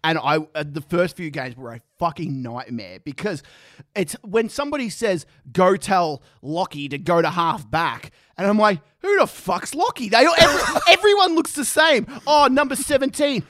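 Brief: Australian man, 20s, high voice, dry close mic, laughing sweary co-host. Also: expressive, moderate pace, a bit bright, no echo. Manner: laughing, swearing, acting out quotes. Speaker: podcast co-host. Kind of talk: casual chat.

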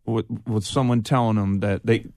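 Middle-aged male guest, gravelly, dry close mic, loose and jokey delivery. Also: lowish voice, fairly even intonation, moderate pace, darkish tone, no echo. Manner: rambling, loose, jokey, many fillers. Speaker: guest musician. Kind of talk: casual podcast interview.

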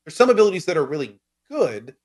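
A man's voice: a little high, sing-song, fast talker. A man in casual gaming chat, explaining game mechanics at length with lots of fillers and restarts. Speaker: game discussion co-host.

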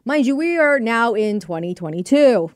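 A woman's voice: on the high side, animated, normal speed, dry recording, studio quality. A woman co-hosting a podcast, chatting casually with lots of "like". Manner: chatty, lots of "like", laughs easily. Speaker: podcast co-host. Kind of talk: casual chat.

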